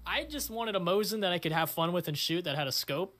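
A young man hosting his own channel, chatting casually in a crude, excitable way, swearing often. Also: high-pitched, quick pace. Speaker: channel host. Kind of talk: casual vlog chat.

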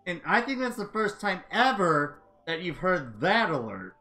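A man live-streaming a racing game, chatting casually and reacting with excitable exclamations. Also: high voice, unhurried, soft background music. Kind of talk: casual live-stream chat while gaming.

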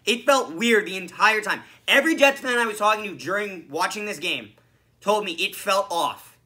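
A man hosts a solo sports podcast and vents over a bad loss, sarcastic and full of swearing. His voice has a very bright, piercing edge. He sounds a touch hoarse from screaming. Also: high voice, normal speed. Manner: animated, swearing, frustrated, sarcastic. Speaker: podcast host. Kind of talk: solo sports reaction rant.

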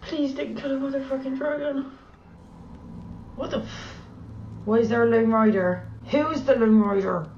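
A woman's voice: fairly high pitch, moderate pace, long pauses, slight background noise. Emotional woman reacting, roomy dull sound. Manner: emotional, swears freely, swings from hushed to shrieking. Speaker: reaction video host. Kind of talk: live reaction commentary. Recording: dull, roomy home recording.

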